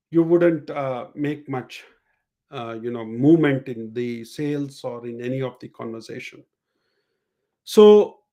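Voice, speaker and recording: A man with a somewhat high-pitched voice runs a live-streamed coaching session. He explains step by step, repeats his main points and demonstrates each way of speaking. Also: darkish tone. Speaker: sales and communication coach.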